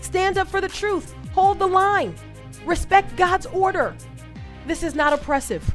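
A woman's voice: very high voice, unhurried, faint music behind. A woman co-hosting a faith talk show, speaking with passion and repeating phrases for emphasis. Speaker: co-host.

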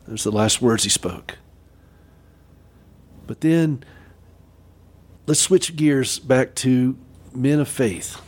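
A man giving a devotional Easter talk in a reflective way, pausing for effect and asking the listener direct questions. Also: mid-range voice. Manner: reflective, with expressive pauses and emphasis.

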